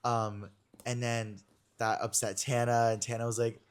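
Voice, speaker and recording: A man's voice: mid-range voice, little pitch movement, a little slow, clear, resonant tone. A young man hosting a podcast in casual chat, rambling and packing his speech with fillers and online slang. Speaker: podcast host.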